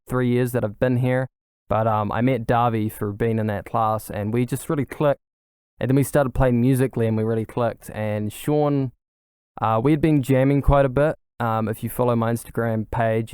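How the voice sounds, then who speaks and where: Young man rambling eagerly, smooth voice. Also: medium pitch, a little mellow, no echo, studio quality. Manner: rambling, many fillers and restarts, eager. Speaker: podcast host. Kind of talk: casual solo chat.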